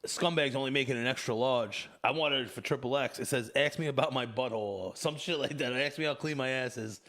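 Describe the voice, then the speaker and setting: A man in his thirties hosts a loose podcast chat. He tells crude, rambling stories, swears freely and laughs along as he goes. His voice sits at a middling pitch. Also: fairly quick. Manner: profane, animated storytelling with laughs. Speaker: podcast host. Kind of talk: casual chat.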